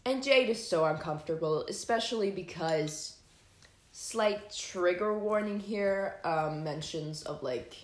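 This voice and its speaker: A young woman hosting, telling a personal story casually, animated and full of fillers and swearing. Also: lowish voice, unhurried. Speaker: host. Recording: echoey room.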